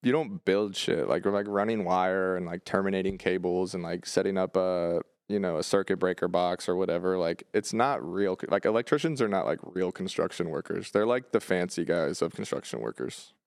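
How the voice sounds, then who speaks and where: A man's voice: sits low, brisk, vocal fry, hardly any pauses, dry recording, clean studio sound. A man co-hosting a podcast, chatting casually in a joking, self-deprecating way. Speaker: podcast co-host.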